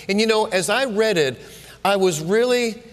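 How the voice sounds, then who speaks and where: A man's voice: sits high, animated, normal speed. A male pastor preaching a sermon, telling a personal story with frequent restarts, in a church sanctuary. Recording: long hall reverb.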